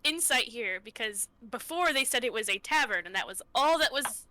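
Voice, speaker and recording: A woman's voice: a little high, animated, moderate pace, pushed and bright, dry recording. A woman playing a tabletop game, asking skeptical questions. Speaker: player. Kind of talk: casual game chat.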